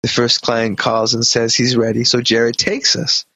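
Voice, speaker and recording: A man's voice: mid-range voice, level tone, a little slow, bright, forceful tone, breathy edge, no echo. A man co-hosting a podcast, reading a story aloud with plenty of swearing and voices for the people in it. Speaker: podcast co-host. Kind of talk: comic storytelling. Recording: dull, dry lo-fi sound.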